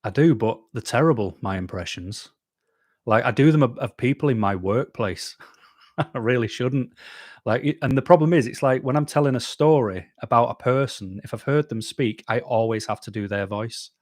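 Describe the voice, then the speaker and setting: A man's voice: mid-range voice, normal speed, darkish tone, no room sound, studio quality. A man hosting a live stream, chatting casually with viewers in a rambling, self-deprecating way, full of ums and restarts.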